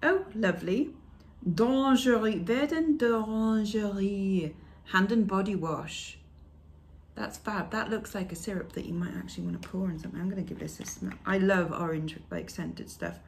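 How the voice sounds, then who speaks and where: A woman's voice: fairly low pitch, steady tone, a little fast, creaky. A woman chatting casually as she unboxes beauty products, reading labels aloud with fillers along the way. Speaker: beauty vlogger.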